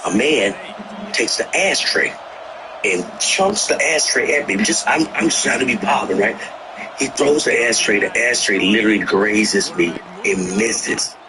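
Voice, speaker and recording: A man telling stories in casual chat, animated, acting out the people he quotes and swearing freely. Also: medium pitch, unhurried, background noise. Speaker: livestream host telling stories. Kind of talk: casual storytelling.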